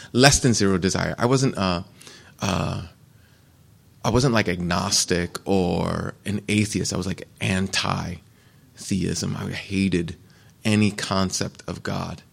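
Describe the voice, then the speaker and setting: Gravelly low-voiced man giving testimony. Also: a little slow. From United States. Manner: candid, conversational, loose storytelling. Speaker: retreat speaker. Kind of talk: personal testimony talk.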